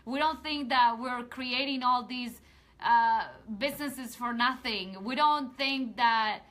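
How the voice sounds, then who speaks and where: Bright-voiced woman talking earnestly to viewers. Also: fairly high pitch. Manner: earnest, heartfelt and rambling, with many restarts; rousing motivational appeals to her audience. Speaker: women's empowerment coach hosting a live video. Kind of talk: casual live-stream talk to viewers.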